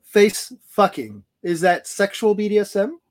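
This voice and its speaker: A man's voice: sits high, big pitch swings, a little slow. Joking male podcast co-host. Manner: joking, teasing. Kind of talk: casual podcast chat.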